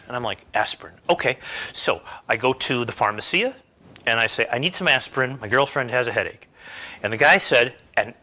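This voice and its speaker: Emphatic bright-voiced man teaching. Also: mid-range voice. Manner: emphatic, asks rhetorical questions. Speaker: self-help speaker. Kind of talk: motivational talk to camera.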